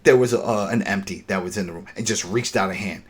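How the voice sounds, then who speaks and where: A man co-hosting a podcast, retelling a TV episode in a casual, animated and exasperated way, often restarting his sentences. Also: fairly low pitch, fast talker. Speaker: podcast co-host.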